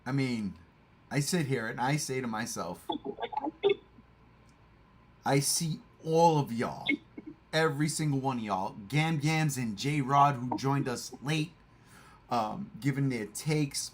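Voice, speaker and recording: A man's voice: mid-range voice, takes it slowly, long pauses, a little hiss or hum. A man hosting a casual livestream chat, boastful, repeating himself and swearing freely. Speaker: livestream host.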